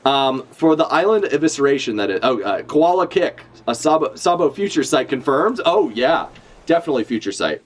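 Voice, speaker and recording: A man's voice: mid-range voice, sing-song, brisk. A young man streaming a live reaction, talking casually with lots of swearing and filler words. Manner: casual, profane, full of fillers.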